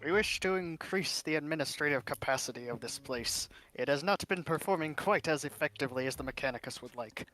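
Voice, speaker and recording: A man's voice: on the high side, fairly quick, few pauses, bright, forceful tone. A man playing a tabletop game, hesitant and searching for words. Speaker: player. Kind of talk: tabletop role-play.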